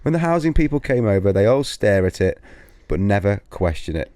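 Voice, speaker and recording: Man, low pitch, very lively voice, reads listener stories, giggly, dry close sound. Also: fairly quick, smooth, dry recording. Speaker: podcast co-host. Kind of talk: casual chat, reading listener stories aloud.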